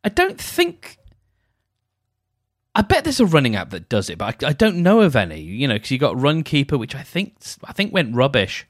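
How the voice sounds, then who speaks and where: A man's voice: medium pitch, huge pitch swings, normal speed, no echo, studio quality. A man hosting a solo podcast, chatting in a meandering, self-deprecating way. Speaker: podcast host. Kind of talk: rambling solo podcast chat.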